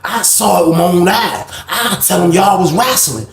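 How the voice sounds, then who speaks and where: Brief: man voicing an inmate urging a confession, higher-pitched and earnest. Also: moderate pace, creaky, roomy sound.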